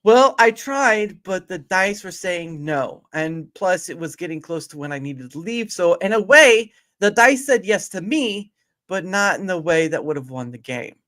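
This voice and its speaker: A man talking casually as a guest on a gamebook stream. His voice sits a little high and swings all over as he rambles and breaks into laughs. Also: a little slow. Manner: animated, laughs often, rambling asides. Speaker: guest player.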